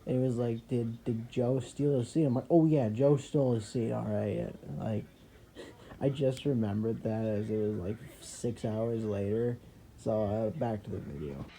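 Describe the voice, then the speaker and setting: A man casually chiming in with his own memory of the story, relaxed and a bit hesitant. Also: mid-range voice, moderate pace, poor audio. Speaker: friend chiming in. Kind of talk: casual aside.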